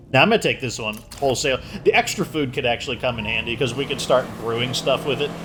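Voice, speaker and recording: A man giving casual, joking commentary as he plays a video game, thinking aloud. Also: fairly high pitch. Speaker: gaming channel host.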